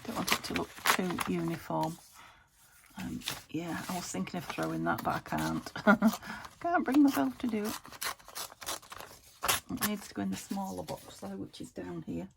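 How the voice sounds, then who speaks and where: A British woman with a very gravelly, fairly low voice chats to herself as she crafts at her home table, thinking aloud while she works. Clear background noise runs under her voice. The talk is loose and casual. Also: moderate pace. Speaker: craft channel host.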